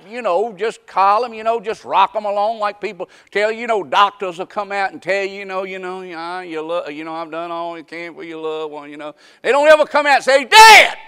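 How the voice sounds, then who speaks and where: Male preacher, high bright tenor, homespun sermon with shouted peaks. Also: clean tone. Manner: folksy Southern preaching, rising to shouts.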